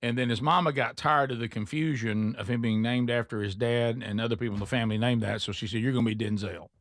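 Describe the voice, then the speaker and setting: A man's voice: medium pitch, fairly even intonation, quick pace, a bit bright, dry recording. A man hosting a call-in radio show, chatting in a folksy, easygoing way and laughing easily. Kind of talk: casual call-in show chat.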